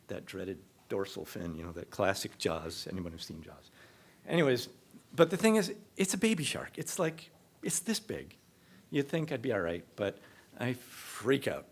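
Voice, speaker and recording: A man telling a true story live on a comedy club stage, talking in a conversational, animated way and acting out what people said. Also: mid-range voice.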